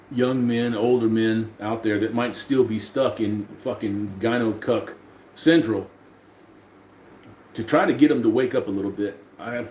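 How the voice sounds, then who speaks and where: A man hosting a casual livestream, reading chat messages aloud and talking back to them loosely, with plenty of swearing. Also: mid-range voice. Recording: roomy echo, faint room noise.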